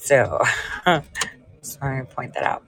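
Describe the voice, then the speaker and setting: A woman's voice: very deep voice, slow pace, gravelly, a little hiss or hum, low-quality recording. A woman hosting a casual livestream chat, telling rambling stories and talking straight to her viewers. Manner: rambling, animated storytelling; speaks directly to viewers.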